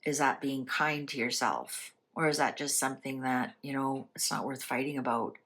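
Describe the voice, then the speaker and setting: Woman, low-pitched voice, casual spiritual talk, conversational, rhetorical questions. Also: moderate pace, a bit bright. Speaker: channel host.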